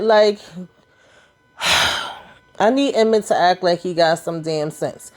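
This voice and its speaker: A woman's voice: lowish voice, takes it slowly. A woman, casually recapping a TV episode in a sassy, chatty way and acting out the characters' lines. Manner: chatty, sassy, retells scenes in voices. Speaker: TV recap vlogger.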